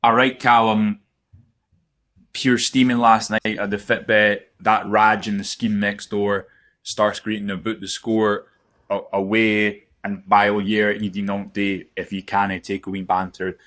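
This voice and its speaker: A man's voice: lowish voice, flat delivery, measured pace, fairly bright tone. A synthetic man's voice with a Glaswegian accent, playing a cheeky football fan full of banter.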